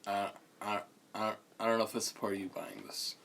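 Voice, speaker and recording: A man's voice: on the low side, level tone, moderate pace, a bit bright, slight background noise. A young man hosting a podcast in casual chat, rambling and swearing often, losing his train of thought. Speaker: podcast host.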